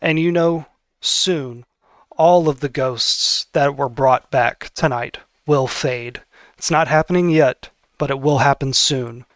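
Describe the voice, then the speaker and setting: A man's voice: medium pitch, slow pace, no echo, studio quality. A man narrating as game master, easygoing and conversational.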